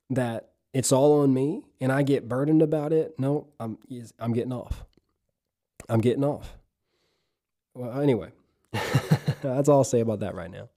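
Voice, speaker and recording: Dark-voiced man preaching on a podcast. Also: mid-range voice. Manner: exhorting, urges listeners to repeat phrases aloud. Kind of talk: podcast sermon with guided breathing.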